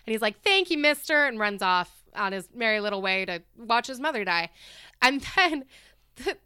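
A woman hosting a casual podcast chat, animated and swearing, acting out quotes. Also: medium pitch, normal speed, clean tone, no room sound, studio quality. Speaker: podcast host.

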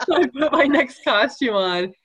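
A woman's voice: sits high, lively intonation, moderate pace, a bit bright, breathy edge. A woman guest telling a funny story in casual conversation, laughing often as she talks.

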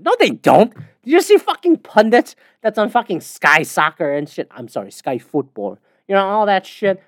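A man's voice: fairly high pitch, big pitch swings, moderate pace, no echo, clean studio sound. A man from the United States hosting a podcast alone, ranting in a heated, profane, rambling way. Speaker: podcast host. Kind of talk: casual solo rant.

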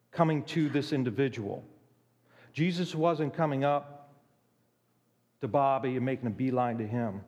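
A man preaching a sermon, emphatic, with dramatic pauses and acted-out quotes. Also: mid-range voice, darkish tone, in a large hall.

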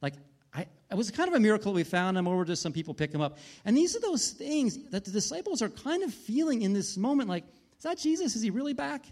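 A man's voice: high voice, big pitch swings, fast talker, a little mellow. A man, a pastor in his thirties with a wife and kids, preaching a sermon in a conversational storytelling way, full of restarts and asides.

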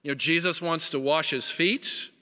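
A man preaches with an earnest, emphatic delivery, his bright, forceful tone carrying through a hall with a long reverb. His voice sits a little high for a man, and he hammers his points home by repeating them. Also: fairly even intonation, normal speed. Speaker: pastor. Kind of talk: sermon.

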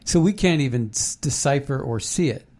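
A man's voice: medium pitch, expressive, moderate pace, darkish tone. A man co-hosting a casual commentary chat, rambling with many fillers and restarts. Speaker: podcast co-host.

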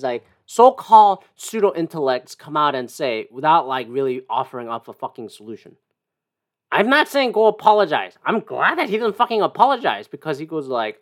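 Profane, heated podcast ranter. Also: male voice, sits high, no echo, clean studio sound. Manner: profane, heated, animated ranting. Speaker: podcast host. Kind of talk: casual solo podcast rant. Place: lives in a city condo.

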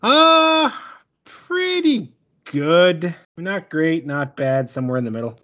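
A man's voice: on the high side, sing-song, slow pace, bright, forceful tone, lo-fi sound. A man co-hosting a casual podcast, laid-back and dry with firm opinions. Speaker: podcast co-host.

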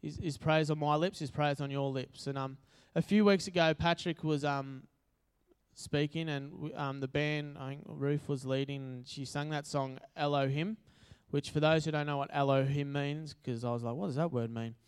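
A man's voice: a little high, steady tone, normal speed, clean tone. Chatty Australian man preaching. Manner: chatty, self-deprecating, lots of fillers. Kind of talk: casual sermon. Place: church hall.

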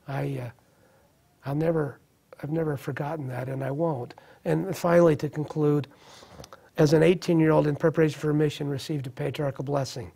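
A man's voice: on the high side, steady tone, normal speed, creaky, warm tone, slightly rough. A man in his thirties sharing a personal recovery testimony in an interview, earnest and reflective, often restarting his sentences. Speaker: guest sharing recovery story.

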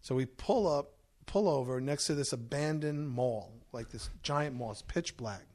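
A middle-aged man, a podcast guest, telling a story in an animated, profane way and acting out the other people's voices. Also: medium pitch, moderate pace.

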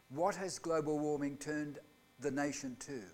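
High-voiced preacher, slow and dramatic. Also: male voice, steady tone. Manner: dramatic preaching with rhetorical questions, swinging between loud and hushed. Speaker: pastor. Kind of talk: live sermon. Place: church hall.

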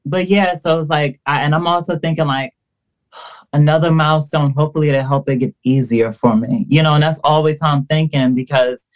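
Animated woman telling stories as a guest. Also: deep voice, fairly quick. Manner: animated, acts out quoted dialogue, many fillers. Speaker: podcast guest. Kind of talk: casual storytelling interview.

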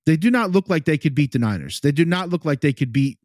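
Lively, hesitant man in casual sports chat. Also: fairly high pitch, fast, no room sound, studio quality. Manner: hesitant, laughs often, teasing. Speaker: podcast co-host.

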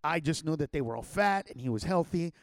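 A man's voice: on the high side, animated, a little fast, dry recording, studio quality. A man telling a childhood story in a loose, rambling way, with slang and many restarts. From Los Angeles area. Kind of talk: casual personal storytelling.

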